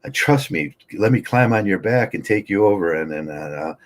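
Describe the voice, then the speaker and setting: A man's voice: low voice, expressive, moderate pace. An older man doing a sly coaxing scorpion. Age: 60s. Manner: wheedling, persuasive.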